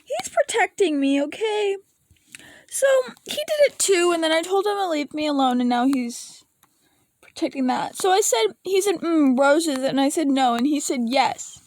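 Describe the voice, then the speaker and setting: Ranting casually on her vlog, a woman rambles emotionally, swearing here and there, laughing at moments and nearly crying at others. Her high, sing-song voice has a darkish tone, a moderate pace and no room sound.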